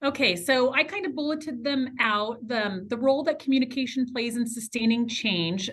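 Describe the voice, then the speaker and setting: Woman, meeting participant, reads bullet points, brisk list delivery, video call. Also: fairly high pitch, fairly bright tone.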